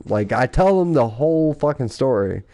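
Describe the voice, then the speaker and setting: A man's voice: mid-range voice, animated, normal speed, mellow. A man hosting a casual podcast, telling a gaming story with lots of swearing and mocking quoted voices. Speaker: podcast host and clan recruiter.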